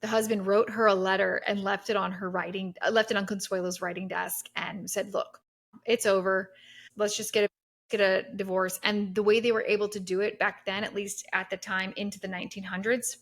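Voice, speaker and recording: A woman's voice: mid-range voice, level tone, fairly quick, vocal fry, few pauses, fairly bright tone. Chatty woman podcast host telling history. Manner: chatty storytelling with many fillers and restarts. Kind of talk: casual chat.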